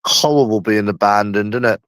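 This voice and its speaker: A man with a London accent hosts a casual livestream chat, rambling and repeating himself, sometimes dragging his words out slowly, with slang and swearing. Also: lowish voice, fairly bright tone, clean tone, dry recording. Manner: rambling and repetitive, often slow and drawn out, with slang and swearing. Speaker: livestream host.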